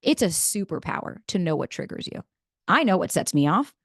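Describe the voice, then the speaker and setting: A woman, giving a blunt, animated motivational talk as a podcast host and swearing freely. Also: fairly low pitch, a little fast, breathy edge, no room sound, clean studio sound.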